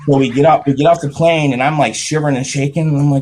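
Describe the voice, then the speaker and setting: A middle-aged man, a podcast guest, telling a profane, animated story in casual talk. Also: fairly high pitch, fast talker. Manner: profane, animated anecdote with shouted quotes.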